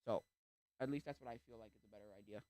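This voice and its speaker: A man's voice: fairly low pitch, rapid-fire, darkish tone, no echo. A young adult man chatting casually on a livestream, rambling through tangents with lots of fillers. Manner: rambling, full of fillers and tangents, acts out quoted voices. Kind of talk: casual chat.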